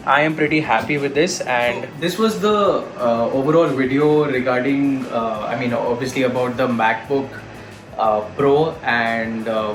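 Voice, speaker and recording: A man's voice: medium pitch, noisy background. Chatty man reviewing a laptop. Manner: chatty, talks straight to viewers. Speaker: tech YouTuber. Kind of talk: casual product review.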